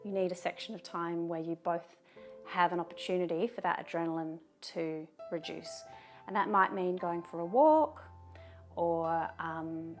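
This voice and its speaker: A woman with a fairly low voice speaks straight to camera in a calm, measured advice talk. Soft music plays faintly underneath. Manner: calm, measured, firm on repeated commands. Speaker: advice video host.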